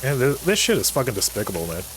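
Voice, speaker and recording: A man's voice: mid-range voice, huge pitch swings, quick pace, fairly bright tone, a little hiss or hum, rough recording. A man, ranting on a casual livestream with lots of swearing and fillers. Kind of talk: casual chat while gaming.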